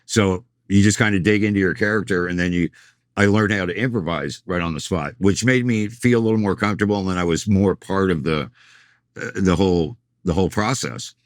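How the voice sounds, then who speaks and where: Low-voiced man telling road stories. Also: brisk, dry recording, clean studio sound. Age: middle-aged. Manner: rambling anecdotal storyteller, acts out quoted lines. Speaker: tour manager and guest. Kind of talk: casual storytelling interview.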